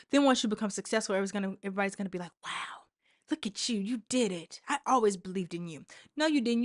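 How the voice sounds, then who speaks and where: A woman's voice: fairly high pitch, no room sound, studio quality. A woman vlogger talking straight to camera, emphatic and repetitive, with sassy asides. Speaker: motivational vlogger. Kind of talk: direct-to-camera motivational talk.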